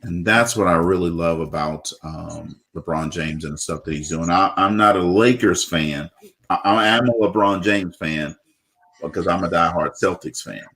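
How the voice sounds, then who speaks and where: At normal speed, the show host speaks in a low, deep voice with a fairly bright tone. He keeps the casual interview upbeat and chatty, relying on fillers and frequently starting sentences over.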